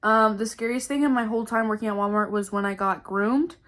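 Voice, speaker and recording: A woman's voice: mid-range voice, steady tone, a little fast, fairly bright tone. A young woman vlogger telling stories in a dramatic, casual way, swearing often and calling her viewers guys. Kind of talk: casual storytelling to camera.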